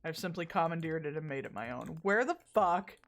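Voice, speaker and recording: A woman livestreaming a farming game, talking to herself and chat in a loose, rambling way. Her pitch jumps around a lot as she grows exasperated and swears at the game, then drifts off into asides. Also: lively intonation, brisk. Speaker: streamer. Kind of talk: casual gameplay chat.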